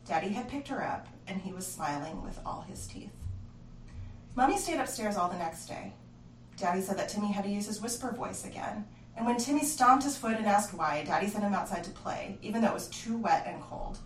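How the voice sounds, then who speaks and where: A woman narrating a creepy children's horror story in an expressive storytelling voice. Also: mid-range voice, a little hiss or hum. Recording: roomy, distant mic, faint ambience.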